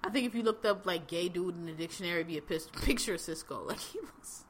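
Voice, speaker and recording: A woman's voice: on the low side, quick pace, a little hiss or hum. A woman hosting a podcast, recapping reality TV in a blunt, laughing, slang-heavy casual chat. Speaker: podcast host.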